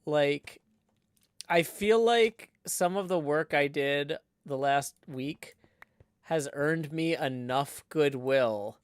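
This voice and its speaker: A man's voice: on the high side, no room sound. Rambling man streaming. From Nashville, US. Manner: rambling, self-deprecating, full of "like". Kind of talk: casual livestream chat.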